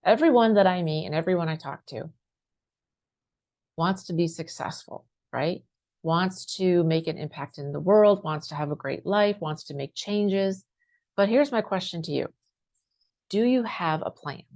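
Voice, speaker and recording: A woman's voice: fairly low pitch, expressive, unhurried, darkish tone. A woman speaking as a life coach, talking straight to her viewers in a conversational way, often asking "right?" and acting out her clients' complaints. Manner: conversational, asks questions, repeats "right?". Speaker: life coach and spiritual teacher. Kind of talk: direct-to-camera motivational talk.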